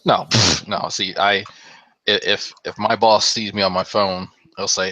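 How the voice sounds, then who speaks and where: A man with a low, bright, cutting voice hosts a casual group call. He swears freely and reads comments aloud. The sound is dry and close. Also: level tone, moderate pace, no room sound, rough recording. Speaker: channel host. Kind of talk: casual group video chat.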